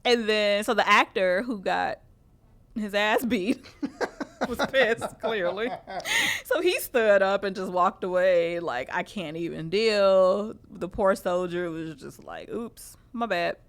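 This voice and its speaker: A woman's voice: medium pitch, slow. Female radio co-host, casual and profane, tells stories between laughs, mid-range voice. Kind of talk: casual chat.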